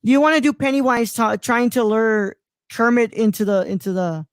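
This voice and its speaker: A man's voice: very high voice, moderate pace, smooth, no echo. A man hosting a live online show, rambling and stalling with lots of restarts, on a close microphone. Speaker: host. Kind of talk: casual live-stream chat.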